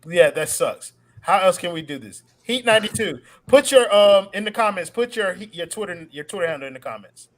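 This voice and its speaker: A man hosting a casual basketball postgame show, loud and joking, often laughing. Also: high voice, expressive, brisk, hardly any pauses. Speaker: podcast host. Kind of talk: casual sports talk show.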